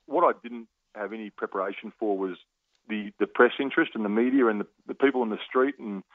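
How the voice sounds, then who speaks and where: A middle-aged Australian man, a former footballer, telling lively stories with laughs and restarts in a phone interview. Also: lowish voice, no room sound. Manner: lively anecdotal, laughs often, halting restarts. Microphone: phone line. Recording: tinny phone line.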